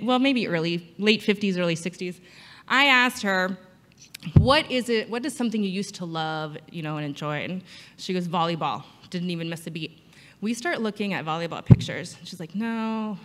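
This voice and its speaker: A woman's voice: lowish voice, fairly bright tone. A woman physical therapist giving a conference talk, telling patient stories and acting out the quotes. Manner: storytelling with acted-out quotes. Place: conference hall. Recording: long hall reverb.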